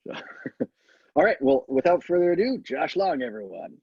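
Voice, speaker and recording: A man's voice: fairly high pitch, sing-song, normal speed, gravelly, breathy edge, dry recording, lo-fi sound. A man hosting a live online event from home, casual and chatty with lots of fillers and laughs. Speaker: host. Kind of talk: casual live-stream chat.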